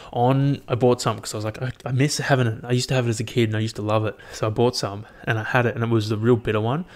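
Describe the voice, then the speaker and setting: A man's voice: medium pitch, flat delivery, rapid-fire. A man hosting a casual solo podcast, rambling and swearing freely. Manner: rambling, heavy swearing, amused. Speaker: podcast host. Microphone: headphones and podcast mic.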